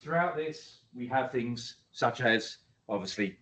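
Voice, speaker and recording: A male teacher giving a lecture to students, emphatic and animated, with frequent ums and uhs. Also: medium pitch, measured pace. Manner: emphatic, varies loudness, many fillers. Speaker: English teacher. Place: school hall. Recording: echoey hall, dull lo-fi sound.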